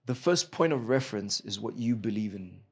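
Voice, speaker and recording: Man, from Zimbabwe, actor, interview guest, animated storyteller. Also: lowish voice, fairly quick, husky. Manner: animated, bursts into a put-on Nigerian accent and laughter.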